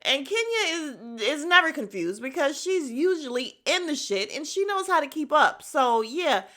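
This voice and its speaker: A woman with a somewhat high voice hosts a casual recap podcast, talking candidly and bluntly with plenty of swearing. She wanders into tangents and speaks straight to her listeners. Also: very animated, normal speed, bright, forceful tone. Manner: candid, gossipy and blunt, with frequent profanity; drifts into tangents and self-aware asides to listeners. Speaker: podcast host recapping a reality show.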